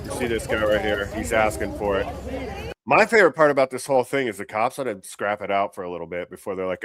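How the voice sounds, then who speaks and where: A man's voice: lowish voice, animated, quick pace, a bit bright, dry recording, studio quality. A man hosting a show, giving a blunt, profane running commentary on video clips. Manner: blunt, swearing, fired up. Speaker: show host reacting to clips.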